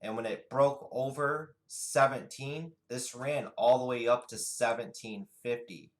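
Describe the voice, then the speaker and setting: A man teaches day trading over a chart, talking at a slow and deliberate pace. His voice sits at an ordinary middle pitch. He moves steadily from one price level to the next as he explains. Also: rough recording. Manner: steady, unhurried chart narration with pointing phrases. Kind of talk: screen-share chart walkthrough.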